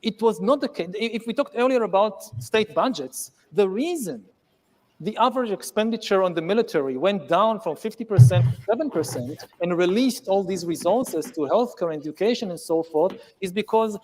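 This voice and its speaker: Guy with a high voice explaining things slow and careful in an old clip. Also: lively intonation. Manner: deliberate, explanatory, some stumbling restarts. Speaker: public intellectual in a played clip. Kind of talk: measured analytical speech.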